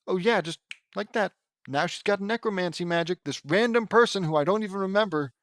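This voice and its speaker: A man's voice: brisk, a bit bright, dry recording, clean studio sound. A man reading a fan fiction story aloud in a casual way, often stopping to make sarcastic comments about it. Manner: reads lines in a raised pitch and breaks off to comment sarcastically. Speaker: reader of a fan fiction audiobook.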